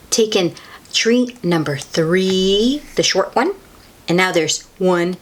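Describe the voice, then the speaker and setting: Storytime reader: young woman, breathy, unhurried, very lively pitch, coaxing small kids along. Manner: gentle, animated, exclaiming to young listeners. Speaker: children's book reader. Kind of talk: read-aloud storytime.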